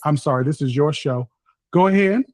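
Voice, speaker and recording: A man's voice: fairly high pitch, a little fast, darkish tone, no room sound. A man in his thirties with a Southern US accent, a talkative, playful podcast guest in casual chat. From North Carolina, US. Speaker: podcast guest, content creator.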